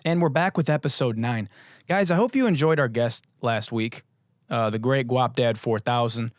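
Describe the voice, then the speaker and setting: A young man hosting a casual solo podcast, hoarse with his voice mostly gone, rambling and swearing in a jokey way. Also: mid-range voice, moderate pace, no echo, studio quality. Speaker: podcast host.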